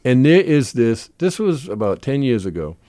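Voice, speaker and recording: A man with a Boston accent tells stage stories on a talk show at a medium pitch. He talks in an animated way, restarting his sentences often. The sound is close and dry. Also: moderate pace, no room sound. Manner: animated storyteller with many restarts. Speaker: stage actor guest. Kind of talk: casual talk-show chat.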